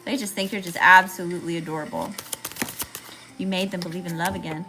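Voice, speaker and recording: A woman's voice: on the low side, steady tone, fairly quick, background noise. A woman with a Southern US accent giving a chatty, slangy live tarot reading to viewers, calling them y'all. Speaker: tarot reader.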